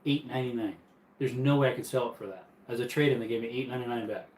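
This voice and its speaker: A man's voice: medium pitch, racing, a little mellow, echoey room, a little hiss or hum, poor audio. A man casually hosting a live stream from his bedroom, easygoing and chatty as he reads viewer comments and laughs often. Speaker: livestream host.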